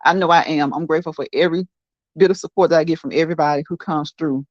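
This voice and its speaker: A woman's voice: sits low, fairly even intonation, quick pace, dry recording. A woman hosting a casual livestream, chatting to her viewers, laughing often and repeating herself. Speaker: livestream host. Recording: dull, dry lo-fi sound.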